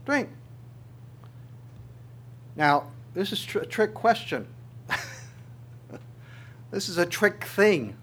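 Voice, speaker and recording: A man's voice: high-pitched, very animated, takes it slowly, pauses often, slightly rough. A male pastor preaching a sermon, reading scripture aloud with his own commentary and asking the congregation rhetorical questions.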